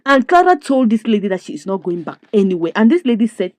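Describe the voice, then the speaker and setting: A woman who recaps a drama series in an expressive, indignant way, full of rhetorical questions. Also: mid-range voice, fast talker, no room sound. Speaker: series reviewer. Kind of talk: animated story recap.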